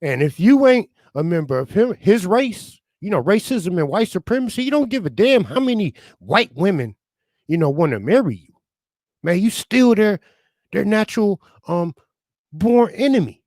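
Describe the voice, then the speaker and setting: A man's voice: high-pitched, sing-song, moderate pace, darkish tone, dry recording. A man giving impassioned political commentary as a talk radio panelist, talking into a studio microphone and filling his speech with "you know" and "man".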